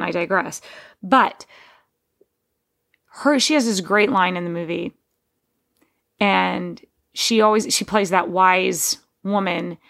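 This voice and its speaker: Female podcast host, casual monologue, gravelly fry, digressive and chatty. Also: medium pitch. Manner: rambling, digressive, frequent restarts.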